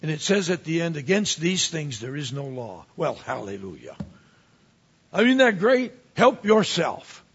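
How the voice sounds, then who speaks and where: A man who is a pastor, preaching a sermon with animated swings from quiet asides to emphatic rises. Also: fairly high pitch, a little slow, slightly rough, dull audio.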